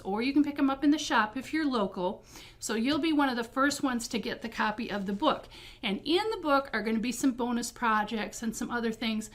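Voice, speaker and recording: A middle-aged woman co-hosting a quilt shop video, chatting enthusiastically about fabrics with frequent ums. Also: on the high side. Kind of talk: casual product presentation.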